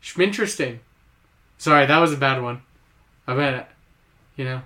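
A man playing a silly male giant in a comedy sketch, delivering slow, goofy rhymes. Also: medium pitch, sharp tone, close to an everyday voice.

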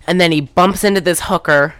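A woman's voice: lowish voice, a little fast, a bit bright, no room sound. A young woman recapping a movie in casual chat, rambling and profane, acting out the characters' lines. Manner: rambling, profane, acts out quotes.

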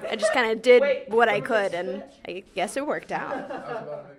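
A woman improviser answering casually in a relaxed way, with light laughter. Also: a little high, a little slow. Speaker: improv performer. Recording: loud crowd in a live room.

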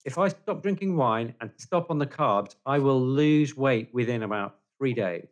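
A man hosts a vets' podcast from a video call. He sounds jovial and likes to tease, with a plain mid-pitched voice. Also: expressive, moderate pace, lo-fi sound. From England. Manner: jovial, teasing. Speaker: podcast host, vet. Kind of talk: casual chat.

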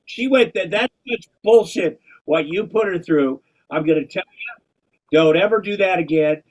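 A man's voice: high-pitched, moderate pace, lo-fi sound. A man in casual chat, bluntly scolding and swearing as he gives advice.

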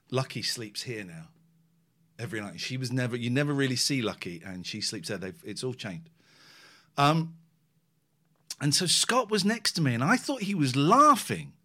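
A man chatting on a podcast, his pitch swinging up and down as he tells a story. He talks with lively, emotional energy, rising high when excited and dropping low and quiet in tender moments. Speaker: podcast co-host. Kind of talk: casual chat.

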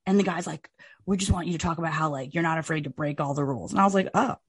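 Woman podcast co-host, husky, lowish voice, dry close sound, chatty storyteller. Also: rapid-fire, no room sound. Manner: rambling, animated storytelling with frequent laughs. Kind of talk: casual chat.

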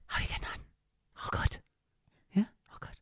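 A woman doing a loud-whispering exam invigilator. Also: extremely low pitch, quick pace, husky, heavily acted. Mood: coaxing. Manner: loud stage whisper dropping hints. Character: overhelpful female exam invigilator. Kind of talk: whispered role-play.

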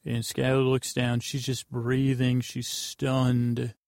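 A man's voice: mid-range voice, completely flat delivery, takes it slowly, vocal fry, darkish tone, dry recording, clean studio sound. A man hosting a podcast, recapping a TV episode in a rambling, offhand way and correcting himself as he goes. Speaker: podcast host.

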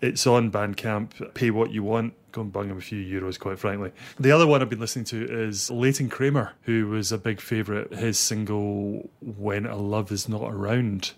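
A man co-hosting a casual music podcast, joking around and laughing easily as he recommends albums. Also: fairly low pitch. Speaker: podcast co-host.

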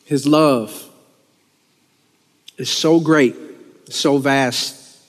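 A man's voice: mid-range voice, fairly even intonation. Earnest man preaching in echoey church. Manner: earnest, emotional, halting with restarts. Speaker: worship leader. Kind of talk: sermon. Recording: long church hall reverb.

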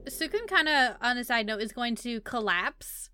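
Bright, crisp-voiced woman player. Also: on the high side, expressive, normal speed. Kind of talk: tabletop game chat.

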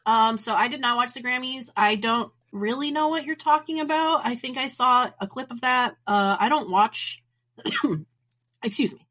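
A woman's voice: on the high side, unhurried, fairly bright tone. A woman co-hosting a podcast, chatting casually and bluntly sharing her opinions. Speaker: podcast co-host.

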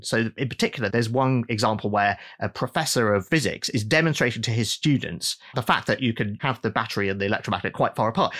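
A middle-aged man, an author being interviewed, explaining in a lively storytelling way and acting out quoted voices. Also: medium pitch. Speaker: author and guest.

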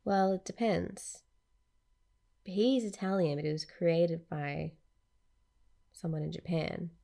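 A woman's voice: lowish voice, steady tone, takes it slowly, creaky, dark tone. A woman co-hosting a casual podcast, sleepy and just awake, talking in a dry, offhand way. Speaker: podcast co-host. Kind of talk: casual chat.

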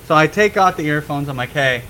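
A young man on a podcast telling a story in a casual, animated way, swearing freely and laughing as he goes. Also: a little high, fairly quick, slight background noise, poor audio. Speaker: podcast guest.

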